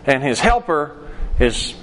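A man's voice: on the high side, big pitch swings, slow, a bit bright, a little hiss or hum. Conversational man teaching a Bible class. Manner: conversational, acts out quoted voices, poses questions to class. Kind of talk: Bible study lesson.

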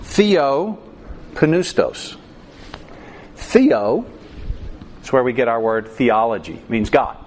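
A man's voice: medium pitch, sing-song, unhurried, a little hiss or hum. A man preaching a sermon, acting out quoted voices with animation.

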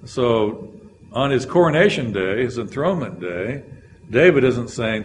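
A man's voice: medium pitch, animated, unhurried, slight background noise. Man teaching a Bible lesson. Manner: explanatory, reads scripture aloud with frequent "uh" fillers. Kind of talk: classroom Bible lecture.

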